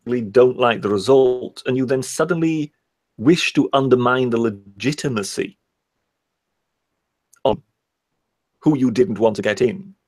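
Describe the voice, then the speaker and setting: A man co-hosting a casual livestream, giving his opinions in a measured but firm way. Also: mid-range voice, a little mellow.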